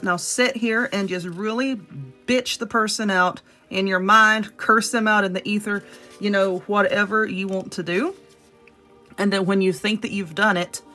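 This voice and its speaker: Southern woman host, bright edgy voice, blunt and profane, casual home tutorial, faint music behind. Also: mid-range voice. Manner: blunt and profane, addressing viewers directly. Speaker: witchcraft video host. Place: home room.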